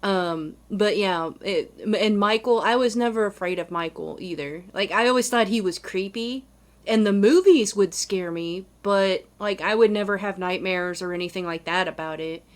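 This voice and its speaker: A woman's voice: medium pitch, normal speed. Chatty woman telling a story. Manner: animated, many fillers like "like". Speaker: podcast co-host. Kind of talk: casual storytelling.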